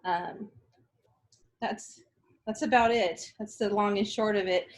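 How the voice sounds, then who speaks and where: A woman's voice: mid-range voice, fairly even intonation, slow. A woman in her forties, from San Diego, introducing herself as a student in an online class, friendly and a little nervous. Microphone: video call.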